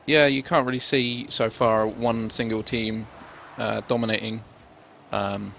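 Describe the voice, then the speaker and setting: A man with an Irish accent commentating a video game match from his desk in a measured, analytical way. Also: lowish voice, level tone, vocal fry, a bit bright, slight background noise. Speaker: esports commentator. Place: home desk.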